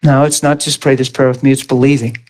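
A man preaching a sermon, an animated storyteller who laughs often and swings his voice up high in acted-out quotes. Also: fast talker.

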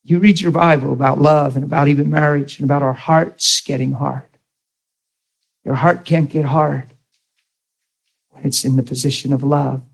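A man's voice: fairly high pitch, level tone, a little fast, vocal fry, few pauses, slightly rough, rough recording. A middle-aged man preaching a sermon, telling stories and calling out "Amen?" to his listeners. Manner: storytelling, emphatic call-and-response preaching.

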